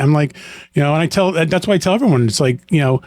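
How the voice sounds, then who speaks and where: A middle-aged man co-hosting a casual chat, telling stories in an animated way and laughing often. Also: a little high, fast talker. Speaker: podcast co-host, owner in the family business.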